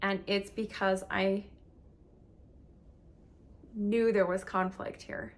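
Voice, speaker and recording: A woman's voice: mid-range voice, little pitch movement, takes it slowly. A woman coach telling a personal story in a candid, emotional, casual way, with lots of filler words. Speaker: relationship and meditation coach.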